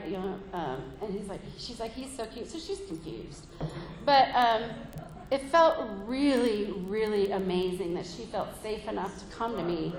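A woman's voice: on the high side, background noise. A woman in her thirties giving a candid, rambling personal testimony at a recovery meeting, with many fillers and laughs. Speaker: speaker sharing at a recovery meeting. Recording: echoey hall from far off.

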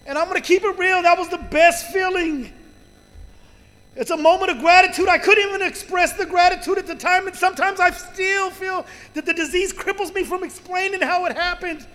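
A man's voice: extremely high pitch, fairly even intonation, a little fast, sharp tone, in a large hall. A man telling a heartfelt personal recovery story to a live group, swearing freely and often turning to the crowd with "you guys". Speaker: recovery meeting speaker.

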